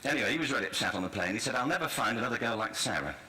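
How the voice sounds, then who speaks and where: A man's voice: medium pitch, expressive, very fast, pushed and bright, poor audio. A man telling a funny story in a dry, understated way in a played-back talk. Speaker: speaker in a played talk clip. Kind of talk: humorous public talk. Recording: played-back clip with faint room noise.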